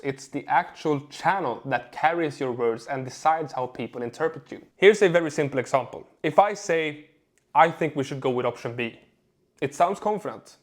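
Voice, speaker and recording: A young adult man, a communication coach, giving a measured lesson to camera, stressing key words and pausing for effect. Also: medium pitch. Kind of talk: instructional video talk to camera.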